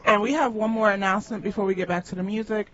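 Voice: medium pitch, fairly even intonation, fast talker, fairly bright tone, a little hiss or hum. Radio co-host reading church announcements. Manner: careful reading with small hesitations. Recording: dull lo-fi radio broadcast.

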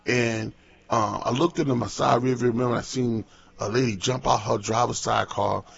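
A man's voice: mid-range voice, steady tone, normal speed, creaky, husky. A man, a pastor hosting a morning radio show, chatting casually and telling a story with lots of repeated words. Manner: folksy, repeats words, tells stories animatedly. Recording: muffled lo-fi radio broadcast.

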